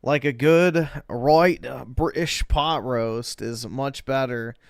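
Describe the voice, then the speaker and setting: Slow, sardonic male streamer. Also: mid-range voice, gravelly, dry recording, clean studio sound. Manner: slow, sardonic, blunt reactions. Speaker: livestreamer. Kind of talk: casual reaction commentary.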